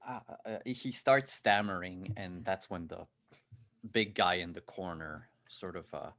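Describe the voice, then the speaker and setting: Low-voiced man narrating a tabletop game. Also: a little slow, a bit bright. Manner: casual, filler-heavy narration. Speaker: game master.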